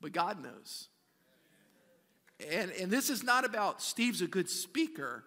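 In a church sanctuary, a pastor preaches to his congregation in a high, ringing, sharp-toned voice with big pitch swings and a slow pace. He keeps the sermon chatty, stumbling over repeated words and often turning to the congregation, while large-hall reverb trails every phrase.

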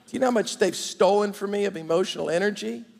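A man with a high, gravelly voice preaches a lively sermon and talks straight to his congregation. His voice carries a long reverb from a big church hall. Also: quick pace. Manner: animated preaching, direct address to the congregation. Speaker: pastor. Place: large church auditorium.

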